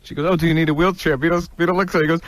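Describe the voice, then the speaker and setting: A man telling a story on a radio show in halting, rambling bursts. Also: on the high side, steady tone, noisy background. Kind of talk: casual radio chat.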